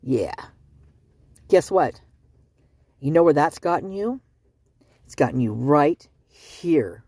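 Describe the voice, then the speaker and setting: Husky, heated commentary host. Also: mid-range voice, lively intonation, takes it slowly, pauses often, a little mellow, no echo. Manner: ranting, fired up, sarcastic asides. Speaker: true-crime commentary channel host. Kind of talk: heated solo commentary on news articles. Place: at home, with outdoor work nearby.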